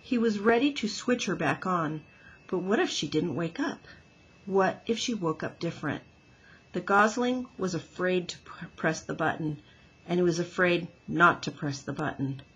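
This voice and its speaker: A woman teacher reading a children's book aloud with gentle, expressive storytelling. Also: on the low side, normal speed, slightly rough, low-quality recording.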